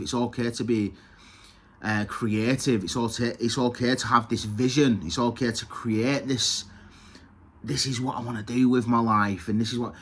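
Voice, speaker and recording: A man's voice: medium pitch, fairly bright tone, breathy edge. A man giving an earnest, confessional talk on his own video, often repeating words as he searches for them. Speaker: self-help video host. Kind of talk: reflective personal talk to camera.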